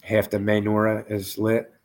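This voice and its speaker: A man's voice: lowish voice, monotone, unhurried, darkish tone. A man hosting a podcast, tired and laid-back, rambling casually and swearing. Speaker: podcast host. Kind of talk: casual chat.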